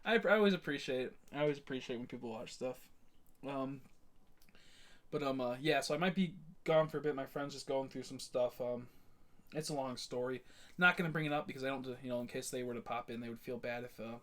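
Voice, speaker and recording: A man's voice: medium pitch, fairly quick, a bit bright. A young man streaming a game, chatting casually to viewers in a rambling, blunt way, full of fillers and restarts. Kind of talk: casual live-stream chat.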